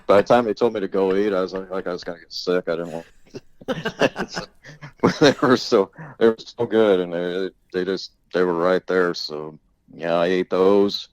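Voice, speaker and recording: A man's voice: sits low, normal speed, no echo, muffled recording. An older man, the host's father, telling rambling stories in casual conversation, laughing often and swearing freely. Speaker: interviewee, father of the host. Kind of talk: casual storytelling.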